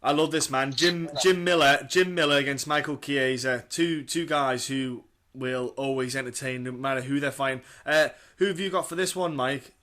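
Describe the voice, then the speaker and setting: A man's voice: medium pitch, moderate pace, few pauses, sharp tone. A man co-hosting a podcast, chatting eagerly and repeating himself as he makes his fight picks. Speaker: podcast co-host. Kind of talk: casual fight-pick chat.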